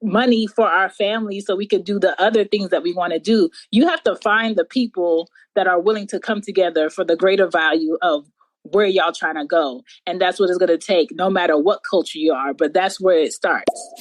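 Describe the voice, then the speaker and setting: A woman's voice: fairly low pitch, fairly quick, no echo. A woman in casual podcast chat, talking in an earnest, encouraging way.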